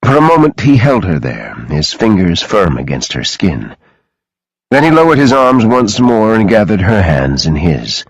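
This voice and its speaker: A man reading an audiobook in a dramatic, expressive way, close to the mic. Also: fairly low pitch, normal speed, breathy edge, no echo, rough recording. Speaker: audiobook narrator. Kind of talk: scripted audiobook narration.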